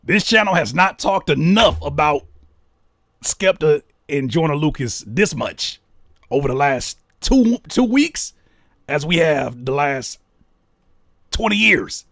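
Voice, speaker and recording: Animated man reacting in a dry room. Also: takes it slowly, no echo. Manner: animated, incredulous asides, jumps high when baffled. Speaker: reaction video host. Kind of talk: casual reaction commentary.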